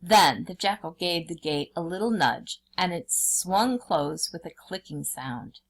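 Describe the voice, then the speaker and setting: A woman teacher reading a folk tale aloud for a lesson, in a clear storybook manner. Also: lowish voice, lively intonation, measured pace.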